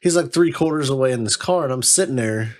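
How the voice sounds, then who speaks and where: A man hosting a podcast, telling an animated, profane story full of "like". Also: mid-range voice, fast talker. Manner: animated, profane, heavy use of "like". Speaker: podcast host. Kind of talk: casual storytelling chat.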